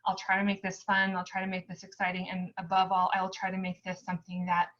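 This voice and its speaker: A woman's voice: on the low side, completely flat delivery, fast, a bit bright, lo-fi sound. A young American woman giving a casual recorded lecture as a nursing student tutor, chatty and upbeat with lots of ums.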